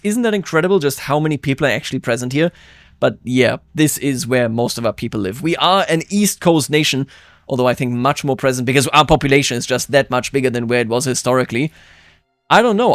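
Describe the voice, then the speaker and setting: A man's voice: no room sound, studio quality. Chatty man musing over a strategy game. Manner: chatty, musing aloud, quick jumps of pitch and loudness. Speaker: let's-play host. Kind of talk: game commentary.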